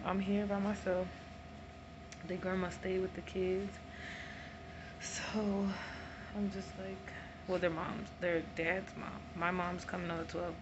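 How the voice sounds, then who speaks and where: A young woman vlogging casually while in early labor, chatty and excited, slangy and laughing often. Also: medium pitch, highs cut off. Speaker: mom vlogger. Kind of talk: casual vlog to camera. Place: home, then hospital room. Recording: noisy phone recording.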